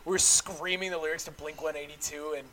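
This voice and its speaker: A young man hosting a casual chat, loudly telling stories with lots of laughing and swearing. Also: on the high side, steady tone, fast talker, a crowd in the background. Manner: loud, laughing storyteller, swears freely.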